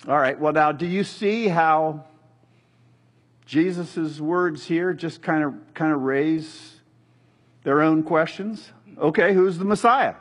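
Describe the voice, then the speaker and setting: Husky-voiced man preaching conversationally. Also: fairly high pitch, takes it slowly. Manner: conversational, animated preaching with jokes and acted quotes. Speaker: pastor. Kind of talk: sermon.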